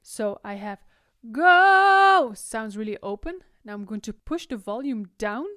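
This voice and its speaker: A woman's voice: medium pitch, animated, normal speed, a little mellow, no echo, clean studio sound. A young woman with a Dutch Limburg accent, explaining vocal technique in a singing tutorial and often checking in with "right?". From the Netherlands. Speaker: singing teacher. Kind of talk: vocal tutorial with sung demonstrations.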